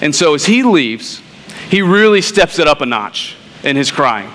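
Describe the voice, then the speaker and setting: A man's voice: on the high side, big pitch swings, measured pace, fairly bright tone. A man, a pastor, preaching a sermon in a conversational storytelling way, often asking "right?". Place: church sanctuary. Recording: long reverb in a church hall, faint hum.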